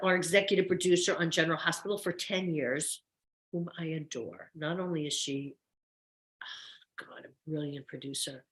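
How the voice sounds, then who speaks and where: A woman's voice: on the low side, fairly bright tone. An older woman, a soap actress guest, telling stories in a chatty, effusive way with many restarts. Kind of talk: casual interview chat. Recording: roomy echo.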